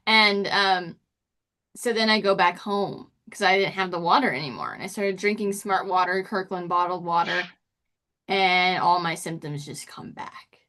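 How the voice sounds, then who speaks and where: A middle-aged woman, a podcast guest, telling her personal story in casual conversation with lively, expressive pitch jumps. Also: moderate pace. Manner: expressive, pitch jumps when acting out quotes.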